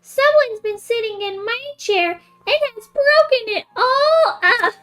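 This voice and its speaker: A woman voicing a small baby bear cub in a storybook reading, high and squeaky, close to tears. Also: animated, slow, a bit bright, exaggerated voice, rough recording. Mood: squeaky, upset.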